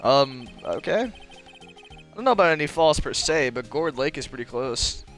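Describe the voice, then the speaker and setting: Wry young lawyer, dry and deadpan, as read by a man. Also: medium pitch, a little slow, faint music behind.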